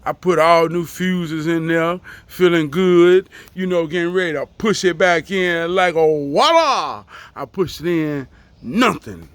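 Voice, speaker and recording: Casting: man, casual storyteller, a bit higher pitch, dry close sound. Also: a little slow, a bit bright, clean tone, no room sound. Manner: loose, profane, acts out quoted voices.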